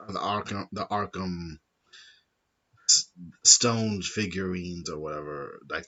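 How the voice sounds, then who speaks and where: A man hosting a casual gaming chat, animated and rambling, swearing freely. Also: deep voice. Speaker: podcast host. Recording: dull lo-fi sound.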